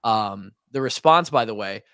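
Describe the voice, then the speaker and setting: A young man from Iowa, a former player co-hosting a podcast, tells a story in a lively, swearing, casual way and acts out the quotes. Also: on the low side, measured pace, smooth, no echo, studio quality.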